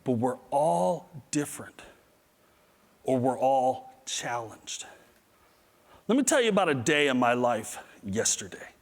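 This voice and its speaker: A man's voice: mid-range voice, big pitch swings, measured pace, long pauses. A middle-aged man giving a humorous keynote talk, self-deprecating, acting out his own reactions as he tells stories. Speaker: motivational speaker. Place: large hall before an audience. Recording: long hall reverb.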